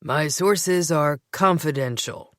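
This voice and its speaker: A woman voicing a laid-back, teasing young man who speaks in a slow drawl, in a dry, close recording. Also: low voice, dry recording.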